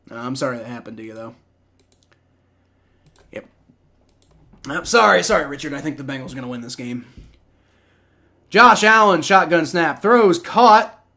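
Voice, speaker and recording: A livestream sports reaction host from Ohio, speaking in a medium-pitched voice with a Southern accent, gives excitable, rambling live play-by-play on a football game. He swears when frustrated.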